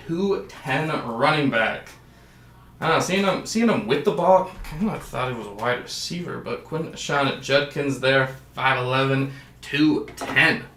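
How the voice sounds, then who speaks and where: Bright-voiced man hosting a card break. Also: mid-range voice, reverberant. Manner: announces each card, adds jokey asides. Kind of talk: casual card-opening commentary.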